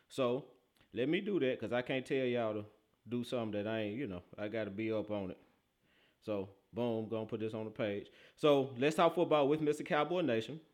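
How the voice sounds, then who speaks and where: A man's voice: mid-range voice, a bit bright. A man hosting his football talk show, hyped and playful, with easy slang and a casual patter. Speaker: podcast host. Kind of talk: casual chat.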